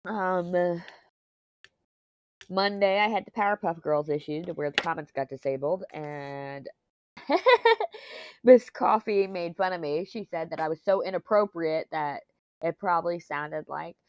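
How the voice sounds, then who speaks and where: A woman, chatting casually and rambling on while she crafts, self-deprecating and quick to laugh, on a mic clipped to her shirt. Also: lowish voice, a little mellow, dry recording. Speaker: diamond painting vlogger. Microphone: lapel mic clipped to t-shirt. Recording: dull, lo-fi, dry lapel sound.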